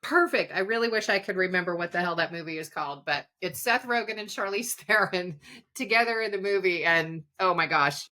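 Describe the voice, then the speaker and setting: Woman, podcast host, casual chat, giggly and rambling, bright tense tone, lowish voice. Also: fairly quick. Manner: giggly, rambling, laughs often.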